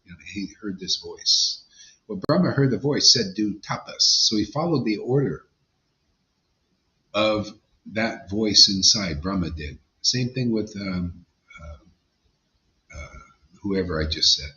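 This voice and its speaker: A man preaches bluntly and casually to his listeners, his pitch swinging up and down with every point. The sound is dull and lo-fi. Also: lively intonation, takes it slowly, long pauses, bright, forceful tone. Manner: emphatic, blunt, conversational, says "man" often. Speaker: spiritual teacher. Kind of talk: informal devotional sermon to a live audience.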